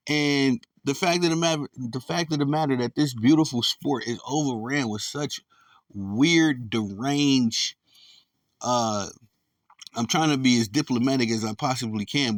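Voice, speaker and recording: A man hosting a podcast, ranting with slangy, animated commentary and stumbling repeats when heated. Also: medium pitch, no echo, far from the mic. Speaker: podcast host. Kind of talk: opinionated commentary rant.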